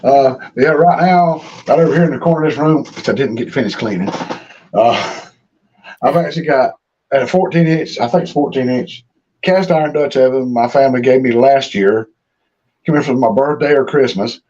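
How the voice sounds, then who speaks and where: A man's voice: medium pitch, normal speed, darkish tone. A man, hosting a casual chat from a small room at home, talking in a laid-back, drawling way. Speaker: host. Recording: slightly dull stream audio with faint hiss.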